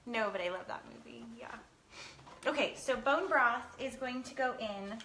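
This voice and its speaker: A woman's voice: fairly high pitch, animated, moderate pace, pushed and bright, a little hiss or hum. A woman in her thirties hosting a live cooking stream from her kitchen, chatting with viewers, laughing often, teary from cutting onions. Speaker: lifestyle show host. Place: home kitchen.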